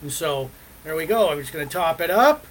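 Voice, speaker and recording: A man hosting a casual live stream, rambling between topics with many fillers and pauses. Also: fairly high pitch, animated, a bit bright, rough recording. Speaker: podcast host.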